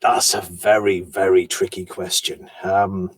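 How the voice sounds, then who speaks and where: A man from Yorkshire, an audiobook narrator, chatting about his voice work in an animated storytelling manner. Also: low-pitched, a little slow, husky, no room sound. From Yorkshire, England. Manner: animated, chatty storyteller who slips into accents. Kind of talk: casual conversation about voice work.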